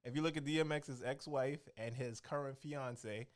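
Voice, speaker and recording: A man co-hosting a podcast in casual chat, playful and animated. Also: mid-range voice, moderate pace. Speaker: podcast co-host.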